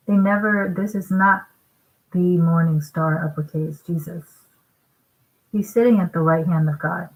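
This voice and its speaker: An online preacher, a woman with a lowish, steady voice, gives sermon-style commentary on scripture at an unhurried, measured pace. She's emphatic and deliberate, pressing each point home and often turning to listeners with rhetorical questions. The sound is phone quality.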